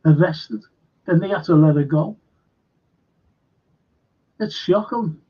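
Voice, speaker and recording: Older Liverpool man, husky and blunt. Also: a little high, takes it slowly. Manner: rambling, blunt, swears freely. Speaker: host. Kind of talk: casual live-stream chat. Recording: dull lo-fi stream audio.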